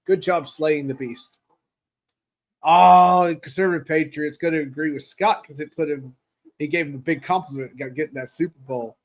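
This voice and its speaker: A man hosting a casual live football chat, rambling and excitable, reading viewer comments aloud, his throat raw from cheering. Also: fairly high pitch, normal speed. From Tennessee. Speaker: podcast host.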